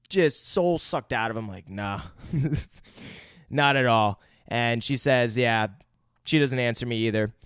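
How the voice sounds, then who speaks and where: Young male podcast co-host, smooth clear tone, dry close mic, casual profane film recap. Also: medium pitch, dry recording. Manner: loose, profane retelling of film scenes. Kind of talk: casual movie-review chat.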